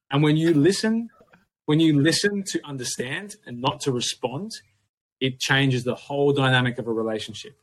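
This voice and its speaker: A man's voice: medium pitch, normal speed, a bit bright. A young adult man with an Australian accent, a podcast guest talking in a reflective, rambling way with many restarts. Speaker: podcast guest, gym owner. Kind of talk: casual conversation.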